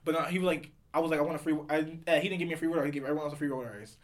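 A man's voice: fairly high pitch, fairly even intonation, very fast. A young man telling rambling stories in casual chat with friends, full of restarts.

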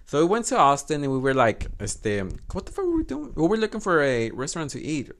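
Podcast host, young man, lively swooping pitch, loose storytelling with frequent laughs. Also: fast, creaky. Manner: animated, swearing, code-switching Spanish words, laughing often. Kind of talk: casual storytelling.

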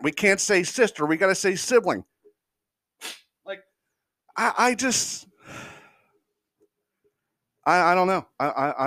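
A man's voice: fairly high pitch, a bit bright, no echo, clean studio sound. A man hosting a podcast, ranting casually and heatedly, swearing constantly and stammering when worked up. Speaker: podcast host. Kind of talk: casual profane rant.

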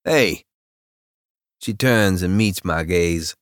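A man reading a first-person romance audiobook in a very deep, unhurried voice. His tone stays low-key and wry, and the recording is close and dry. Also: a bit bright, dry recording. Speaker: audiobook narrator.

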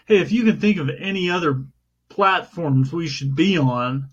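A man co-hosts a podcast, joking through casual banter and playfully switching into a mock newsreader voice. His voice is fairly high and slightly rough, at a moderate pace. It's a dull, lo-fi home recording.

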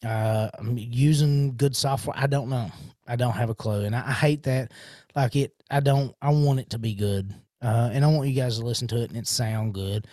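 A man's voice: mid-range voice, moderate pace, dark tone, no echo. A man hosting his own podcast, rambling in a casual train of thought with lots of restarts and fillers, into a studio mic. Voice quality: self-described horrible accent. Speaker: podcast host.

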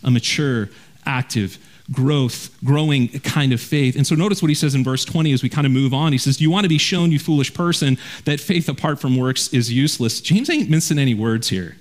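A man preaching a verse-by-verse sermon as a pastor, earnest and direct, often dropping low and quiet to drive a point home. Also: fairly quick. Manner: earnest preaching, drops low and quiet for emphasis, repeats words when restarting.

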